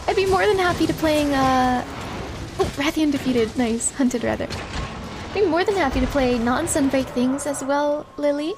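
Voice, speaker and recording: A woman's voice: high-pitched, normal speed, noisy background. A woman streamer chatting casually with her viewers while she plays a game, giggling often and sounding a little stuffy-nosed. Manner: giggly, answers chat between game moments. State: stuffy nose. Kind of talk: casual live-stream chat while playing. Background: game music.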